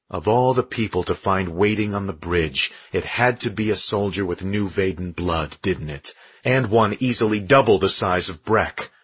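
Deep husky male audiobook narrator. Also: a bit bright, dry recording, dull audio. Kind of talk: scripted narration.

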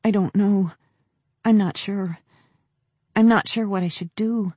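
A man's voice: high-pitched, steady tone, measured pace, dark tone, breathy edge, dry recording. A man voicing an anxious, hesitant schoolteacher woman. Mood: uncertain. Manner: hesitant, shaky.

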